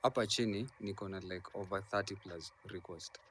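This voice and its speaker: Low-voiced Kenyan man moderating. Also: fairly quick, a bit bright, a little hiss or hum. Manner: directive, calls speakers in turn. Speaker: host of a live audio room. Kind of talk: moderating a discussion.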